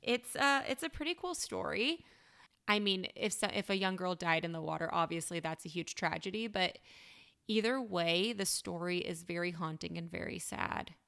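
A woman co-hosting a podcast, chatting casually in a relaxed, slightly hesitant way. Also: lowish voice, normal speed, creaky, clean tone. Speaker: podcast co-host. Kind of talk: casual chat.

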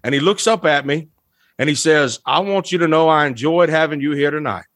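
A musician guest telling an animated, emotional anecdote, laughing often as he talks. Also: fairly high pitch, a little fast, no echo. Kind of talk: storytelling anecdote.

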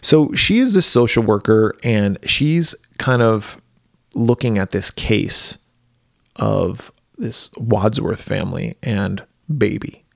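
A man co-hosting a podcast, chatting casually about a movie with profane jokes and lively storytelling. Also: lowish voice, takes it slowly, creaky, no room sound, studio quality. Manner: profane, joking, animated storytelling. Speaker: podcast co-host.

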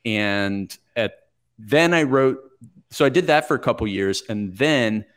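A man in his forties, a podcast guest telling stories from his life in a reflective, steady, plain-spoken way. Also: medium pitch, a little slow. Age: 40s. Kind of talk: conversational interview storytelling.

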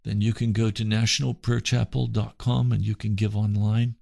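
A man's voice: fairly low pitch, flat delivery, moderate pace, vocal fry, a little mellow, dry recording. A man preaching on his radio broadcast, earnest and pleading, often repeating phrases. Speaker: radio pastor. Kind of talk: radio sermon.

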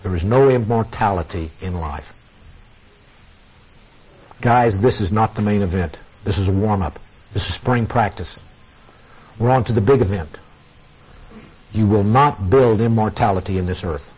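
A man's voice: fairly low pitch, a little slow, long pauses, darkish tone, breathy edge. A man preaching a sermon to a congregation, emphatic and repetitive, calling his listeners "guys", heard through a lo-fi radio broadcast. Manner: emphatic, repeating phrases for effect, addresses listeners as guys.

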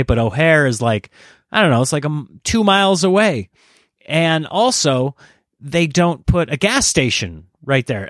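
A man with a fairly high voice rants in exasperation, telling a story casually on a podcast mic. The sound is dry and close, with no room echo. He pokes fun at himself as he goes. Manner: animated, exasperated ranting; self-deprecating, laughs at himself. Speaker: podcast host.

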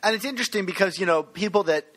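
A man's voice: sits high, racing, a bit bright, dry recording. A man from Maryland co-hosting a comics podcast, chatting casually and reading out listener questions. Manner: reads listener questions aloud. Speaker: podcast co-host. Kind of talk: casual chat.

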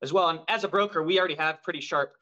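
On a casual podcast, a male guest describes life running a mortgage brokerage in lively, high-energy anecdotes. He races along in a bright, forceful voice that sits slightly high for a man, and the sound is lo-fi.

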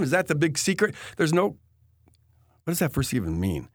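A man telling a personal faith story in an earnest, halting way, often restarting his sentences. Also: fairly high pitch, big pitch swings, dry recording, clean studio sound. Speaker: guest telling his testimony.

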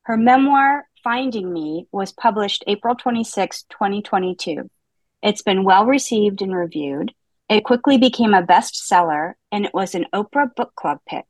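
A woman's voice: mid-range voice, lively intonation, moderate pace, no room sound, rough recording. A woman hosting a book podcast, reading a prepared intro and leading the chat with dry, self-mocking humor. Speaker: podcast host. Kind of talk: casual book-club chat with scripted intro.

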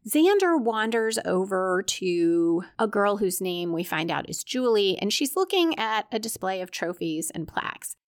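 A woman's voice: medium pitch, big pitch swings, a little slow, few pauses, no room sound, studio quality. A woman hosting a podcast, recapping a television episode in casual narration with wry, chatty asides. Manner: wry, chatty asides while reading quotes aloud.

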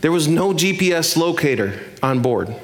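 A man preaching a sermon as pastor, telling the story with lively questions to his listeners. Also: on the high side, moderate pace.

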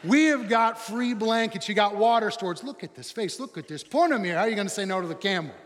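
A pushy, fast-talking messenger, put on by a man, pitches his goods with a salesman's hard sell. The voice sits high and bright. It rings out with a long hall reverb. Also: lively intonation. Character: pushy fast-talking male messenger peddling goats and camels.

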